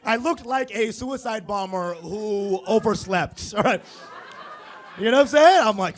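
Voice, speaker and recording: Young male comic on stage, high voice that swings all over, crude crowd-work patter. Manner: animated, profane, quick asides to the audience. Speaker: stand-up comedian. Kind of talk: stand-up comedy set with crowd work. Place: comedy stage before a live audience.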